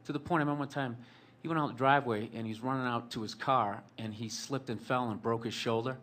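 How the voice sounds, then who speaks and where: A man's voice: medium pitch, fairly even intonation, fast talker, a bit bright. A man telling a long personal story in a rambling, profane, sardonic way, full of fillers like "like" and "you know". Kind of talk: storytelling monologue.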